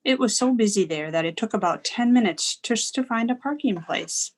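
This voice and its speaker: A woman reads a children's chapter book aloud, lively and expressive. Her voice is fairly high, and she keeps a moderate pace.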